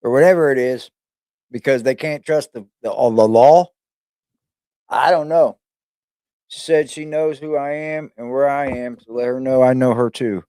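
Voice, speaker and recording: A man's voice: medium pitch, moderate pace, warm tone, smooth, no room sound, clean studio sound. A man giving loose, profane, rambling reaction commentary on a stream, full of slang.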